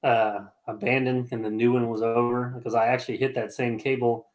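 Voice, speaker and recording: A man's voice: mid-range voice, level tone, fairly quick. A man co-hosting a casual podcast chat, telling laid-back stories about his digging work. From Joplin, Missouri area. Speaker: co-host.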